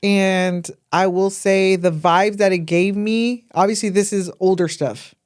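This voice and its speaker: Her voice is medium-pitched, steady and a little mellow, and she talks a little slowly. She's a podcast co-host in a casual chat, teasing playfully, laughing often, with a slight lisp.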